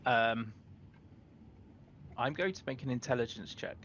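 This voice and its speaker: A man's voice: medium pitch, expressive, unhurried, a bit bright, highs cut off, a little hiss or hum. A man playing in a tabletop role-playing game, talking hesitantly with many fillers and self-corrections as he runs two characters. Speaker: player. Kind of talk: casual tabletop game chat.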